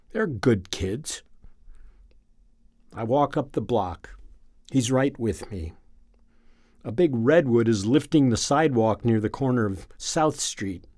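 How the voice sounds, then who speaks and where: A man reading a first-person story aloud in a calm, measured, reflective way. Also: mid-range voice, dry recording, studio quality. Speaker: narrator.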